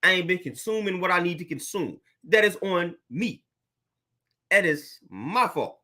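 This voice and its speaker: A man's voice: sits high, animated, a little slow, sharp tone. A young adult man, a fitness trainer, ranting bluntly and preachily to camera, repeating himself and using slang. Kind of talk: blunt motivational rant to camera.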